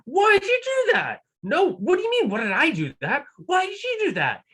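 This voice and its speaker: A man doing high, whining squabbling giants. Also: wildly swooping pitch, moderate pace, bright, forceful tone, full character voice. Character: two squabbling, dim giants.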